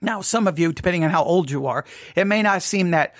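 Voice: medium pitch, brisk, no echo, clean studio sound. A podcast host talking casually, rambling, repeating words and asking listeners rhetorical questions.

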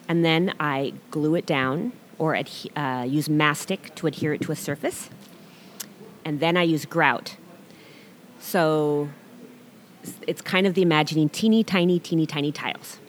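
A middle-aged woman, a guest artist, telling her story in a relaxed interview, animated and acting out quotes. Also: low-pitched, normal speed, a little hiss or hum.

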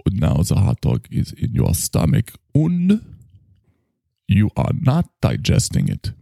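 A man voicing a solemn male doctor with a clumsy German accent, halting and full of fillers. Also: lowish voice, wildly swooping pitch, vocal fry, dark tone, no room sound, clean studio sound, heavily acted.

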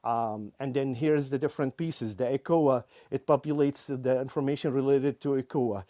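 A man on a panel, explaining a software setup in a loose, conversational way with many fillers and restarts. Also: medium pitch, steady tone, normal speed. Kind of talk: conversational tech panel discussion.

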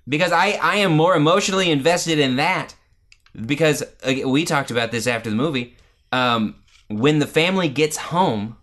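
A man in casual conversation about a movie, animated and arguing his point, acting out quotes as he goes. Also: mid-range voice.

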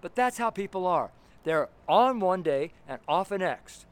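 A man preaching a fervent street sermon outdoors beside a busy road, talking loudly and emphatically. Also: sits high, expressive, a little slow, clear, resonant tone. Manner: fervent, emphatic, loud at times.

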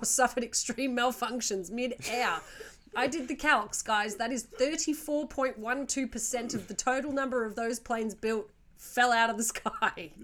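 A woman with a slightly high voice carries a casual storytelling podcast. She chats her way through the tale, dropping joking asides and laughing easily along the way. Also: a bit bright.

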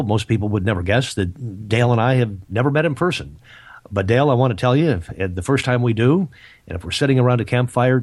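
A man telling a personal story on a podcast, halting and repeating himself, with self-deprecating humor. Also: lowish voice. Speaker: author and speaker, regular guest. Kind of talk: casual storytelling.

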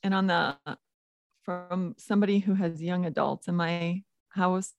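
A woman in her forties co-hosting a faith podcast, telling a story lively and acting out the dialogue. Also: on the low side, measured pace, dry recording, muffled recording. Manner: animated storyteller, acts out dialogue. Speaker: podcast co-host. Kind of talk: casual faith podcast chat.

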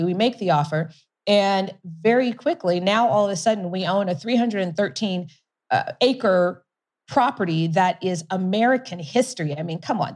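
Here is a woman's medium-pitched, slightly dark voice. She's middle-aged, a whiskey company founder and investor being interviewed, and she recounts her story with lots of energy, laughing a lot and restarting sentences as she goes.

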